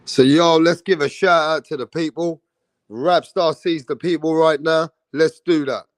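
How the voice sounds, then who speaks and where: A man's voice: fairly high pitch, fairly even intonation, a little slow, no echo. A young man hosting a live boxing stream, calling out viewers by name in casual street slang. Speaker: boxing livestream host.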